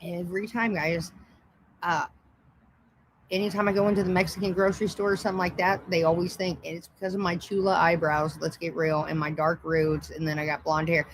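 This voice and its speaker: A woman's voice: on the low side, flat delivery, brisk, slight background noise, rough recording. A woman ranting on a casual livestream, profane, mocking and combative. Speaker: livestream host.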